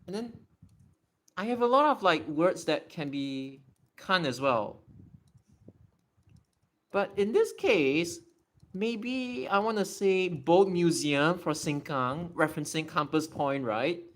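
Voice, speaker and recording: A livestreamer in a casual Q&A, excitable and thinking out loud while typing. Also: mid-range voice, slow, long pauses.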